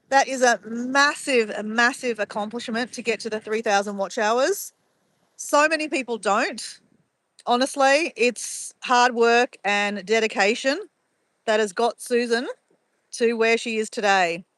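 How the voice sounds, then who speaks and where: A chatty woman with a bright, fairly high voice talks live to her viewers from her phone. She walks outdoors at sunrise, reading out chat messages as she goes. The sound is close and dry. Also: no echo. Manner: chatty, greets viewers by name and reads chat aloud. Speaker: live streamer. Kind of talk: casual live-stream chat.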